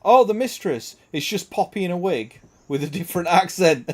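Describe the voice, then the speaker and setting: Crude, laughing gaming streamer. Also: male voice, fairly high pitch, animated, normal speed, few pauses. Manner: crude, swearing, laughing a lot. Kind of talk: casual gameplay chat.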